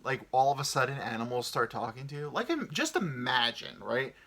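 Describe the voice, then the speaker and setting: A man in his thirties talks on his own in a loose, meandering way and swears freely. He is short on sleep. His voice is bright and a little tense, and his pitch jumps around with lively swings. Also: fairly quick. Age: 30s. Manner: meandering, swears casually, muses aloud. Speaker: podcast host. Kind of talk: rambling solo chat.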